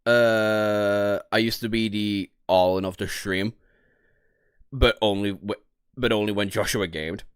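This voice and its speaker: Man, Northern English accent, livestreamer, casual chat, fairly low voice, swears a lot, laughs often, dry close sound. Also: fairly even intonation, measured pace, clean tone, dry recording. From Northern England. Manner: swears freely, laughs often, sudden high-pitched outbursts.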